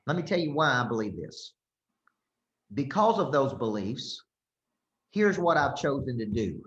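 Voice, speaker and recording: In an unhurried, medium-pitched voice with big pitch swings, a business coach addresses a group emphatically, frequently asking "okay?" and "right?". The sound is roomy and a bit dull.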